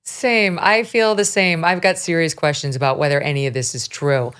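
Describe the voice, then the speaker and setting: A woman in her fifties hosting a talk show, blunt and animated, laughing often as she chats. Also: low voice, normal speed, slight background noise. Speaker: podcast host. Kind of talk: opinionated talk show chat.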